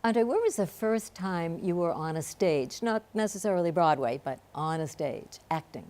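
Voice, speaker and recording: A woman's voice: on the low side, expressive, normal speed, darkish tone. A woman hosting a TV studio interview, attentive and encouraging, frequently murmuring agreement. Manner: attentive, backchannels often. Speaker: host.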